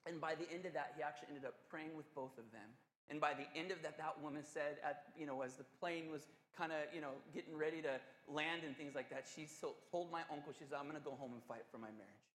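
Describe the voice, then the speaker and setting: A male pastor delivers a sermon, telling a story to his congregation in an animated, earnest, conversational way. His voice sits high for a man, and a long reverb trails each phrase through the church hall. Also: quick pace, slight background noise. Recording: echoey hall.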